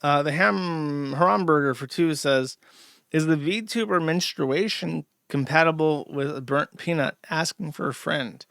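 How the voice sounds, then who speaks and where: A man's voice: fairly high pitch, measured pace, gravelly, a bit bright, clean tone, dry recording, clean studio sound. A man reading out viewer donations on his livestream and answering them in a blunt, profane, sardonic way. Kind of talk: casual livestream chat.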